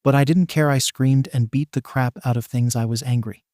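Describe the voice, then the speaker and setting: A man reading a fan fiction story aloud in the first person, in a flat, even voice that barely changes for the other characters. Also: mid-range voice, a little fast, dry recording, studio quality. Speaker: narrator.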